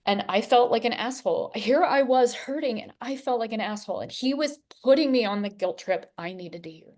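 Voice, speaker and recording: A woman in her forties giving an earnest, emotional personal testimony as an interview guest, unhurried, with long pauses. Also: a little high, darkish tone. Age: 40s.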